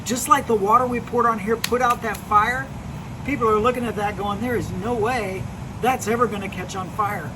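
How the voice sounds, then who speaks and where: High-voiced man telling kids a Bible story. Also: moderate pace. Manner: animated, repeats words while telling. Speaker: children's ministry storyteller. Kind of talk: Bible story told to children. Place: outdoors in a backyard by a fire pit. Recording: noisy outdoor recording.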